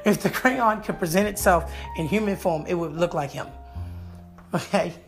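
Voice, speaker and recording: A man telling a comic story from his own life in an animated, playful and jokey way. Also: sits high, normal speed, soft background music.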